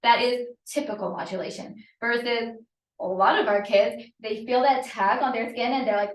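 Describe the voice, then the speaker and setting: A woman's voice: on the high side, steady tone, moderate pace. Woman, therapist, conversational teaching talk, chatty, lots of "right?", echoey room, mic set back. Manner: conversational, often checks in with "right?"; frequent "um" fillers. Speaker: occupational therapist. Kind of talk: informal teaching presentation. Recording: roomy, from a distance.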